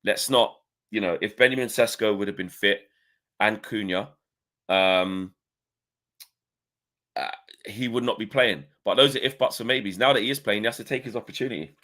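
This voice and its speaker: A man talking football in a loose, rambling way, forever tossing in "you know" and "do you know what I mean". His voice sits a little low, and he chats from home on a video call. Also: normal speed, long pauses, fairly bright tone. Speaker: football podcast co-host. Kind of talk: casual football chat.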